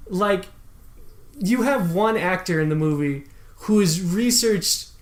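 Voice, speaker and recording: Wry laid-back young man, roomy sound. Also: high voice. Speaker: podcast co-host. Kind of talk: casual movie podcast chat. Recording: echoey room.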